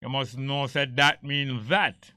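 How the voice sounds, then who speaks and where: Jamaican guy hosting talk radio, super bright clear voice, storytelling in patois and english. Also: medium pitch, steady tone, slow, no echo. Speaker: radio host. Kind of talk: casual talk radio discussion.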